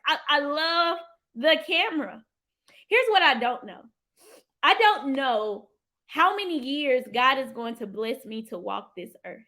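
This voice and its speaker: A woman speaks to her live-stream viewers in a high, bright voice with a lot of swing in her pitch. She delivers a heartfelt motivational talk, breaks into sudden whoops and keeps calling her audience "y'all", as if she were in a phone or webcam live. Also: lively intonation, a little slow. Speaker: livestream host and financial coach.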